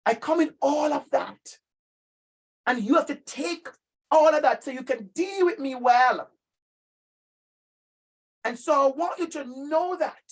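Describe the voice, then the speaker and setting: Animated Jamaican man presenting a workshop. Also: extremely high pitch, unhurried, pauses often. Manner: emphatic and animated, addressing listeners directly by name. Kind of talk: lively professional-development talk.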